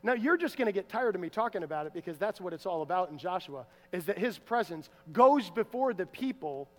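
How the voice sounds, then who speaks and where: A man with a notably high voice preaches a sermon, swinging between loud emphatic stretches and quiet, almost hushed asides. His voice carries a long reverb, as if filling a big sanctuary. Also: lively intonation, fairly quick. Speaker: pastor.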